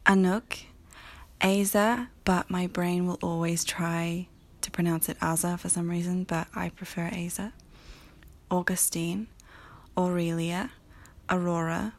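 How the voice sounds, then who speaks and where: A woman's voice: medium pitch, steady tone, measured pace, pauses often. A woman with a New Zealand accent reads baby names aloud one by one, adding chatty asides about how she says them. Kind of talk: casual name-pronunciation video.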